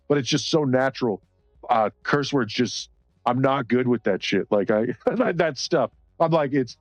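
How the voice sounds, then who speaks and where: A man's voice: medium pitch, dry recording. A man chatting casually on a live stream while coloring, rambling and cursing freely between short laughs.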